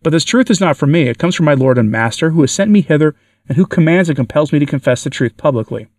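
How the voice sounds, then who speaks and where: A man's voice: fairly high pitch, animated, quick pace, a little mellow, no room sound. A man voicing a tormented male demon who shrieks and laughs defiantly, reading it for an audio story. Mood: anguished. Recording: dry, from far off the mic.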